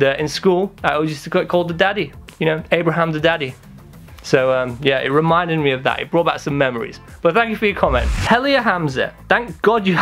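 A young man who works as a pharmacist, answering viewer comments in an upbeat, energetic, casual way. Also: on the high side. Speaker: pharmacist host. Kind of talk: casual YouTube comment-response chat.

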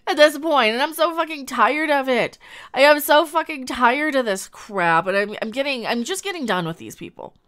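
Brief: exasperated woman, high sharp voice, angry swearing rant. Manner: angry, exasperated ranting with heavy swearing and repetition. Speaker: YouTube commentator. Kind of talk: ranting commentary video.

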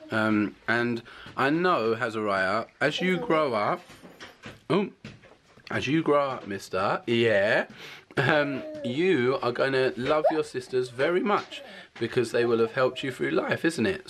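A man's voice: mid-range voice, unhurried, a bit bright, a little hiss or hum. A man in his thirties hosting a casual family vlog, playful and joking. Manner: playful, jokey, baby-talk to his son. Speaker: vlog host, father.

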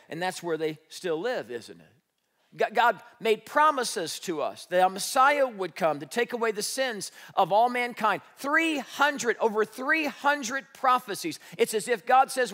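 A man preaching a sermon as pastor, asking the congregation rhetorical questions and swinging from loud declarations to hushed, slowed phrases for emphasis. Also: high-pitched. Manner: dramatic shifts from loud to hushed, slows for emphasis. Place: church stage.

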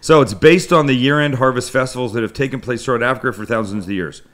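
A man's voice: mid-range voice, fast talker, fairly bright tone. A man with a Canadian accent hosting a live cooking show, chatting loosely with his crew in a rambling, self-deprecating way. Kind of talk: casual live-stream chat. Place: home kitchen studio with crew.

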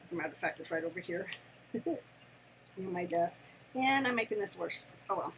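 Older grandmother vlogger, excitable and giggly, bright tone, faint hiss behind. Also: lowish voice, normal speed, poor audio. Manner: gushing, excitable, laughs often, squeals with delight. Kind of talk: casual unboxing chat. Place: home, near her desk.

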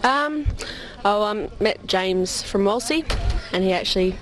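A woman answers questions at an outdoor event, relaxed and a little hesitant. Her voice sits at an ordinary pitch. A busy crowd is clearly heard around her. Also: a little slow, low-quality recording. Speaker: festival visitor.

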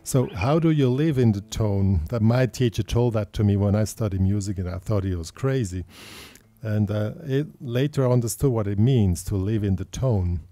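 A man's voice: on the low side, moderate pace, mellow, no echo. A man giving a guitar lesson, patiently explaining step by step in simple phrasing. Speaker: guitar teacher. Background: guitar playing and backing track.

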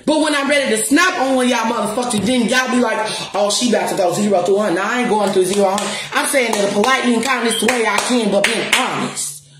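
Quick and a bit bright, her voice sits on the high side as this spiritual counselor and music promoter rants to the camera. She swears, stays defiant, and presses her points over and over with emphasis, all in a roomy, echoing space.

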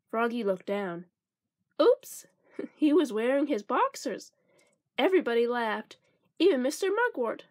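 Woman reading a kids book out loud, high voice, slow and expressive, fun sound effects. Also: dry recording, studio quality. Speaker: storybook reader. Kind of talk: reading a children's picture book aloud.

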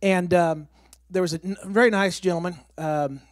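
A man's voice: high-pitched, moderate pace, no room sound. A man, a missionary and former pastor, giving an emphatic and emotional testimony in church, close to tears. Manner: excitable, emphatic, breaking toward tears. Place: church sanctuary.

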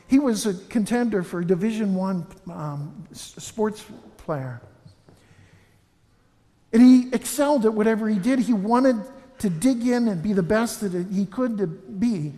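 High-voiced man preaching in an echoing church. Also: mellow. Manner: earnest, anecdotal, frequent restarts. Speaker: funeral homilist. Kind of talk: funeral homily with storytelling. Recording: reverberant church.

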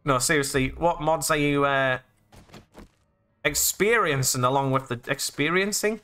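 A man's voice: mid-range voice, a little slow, bright, forceful tone, clean tone, faint music behind. A young British man giving goofy, profane gameplay commentary, narrating his own actions as he plays and breaking into sudden squeals. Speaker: let's play gamer.

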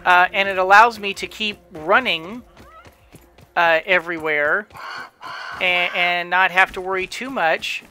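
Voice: mid-range voice, a little slow, bright, forceful tone, soft background music. A gamer giving casual gameplay commentary, rambling with frequent restarts and chuckling to themself. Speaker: let's play gamer.

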